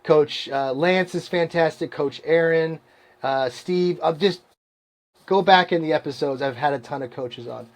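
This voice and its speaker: A middle-aged man hosts his podcast alone, spinning a long personal story in a relaxed, rambling way. His voice sits a little high for a man, and he laughs easily. He keeps acting out the lines of the people he met along the way. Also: unhurried. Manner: animated, laughs often, acts out quoted voices. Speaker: podcast host. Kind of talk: casual storytelling monologue.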